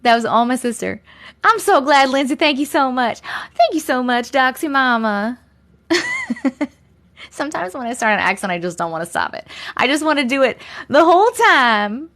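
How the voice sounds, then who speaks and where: A woman's voice: high-pitched, very animated, normal speed, a bit bright. A woman from Long Island hosting a casual live stream from home, chatting with viewers, thanking them by name and laughing often. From Long Island, USA. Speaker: live-stream host reading chat.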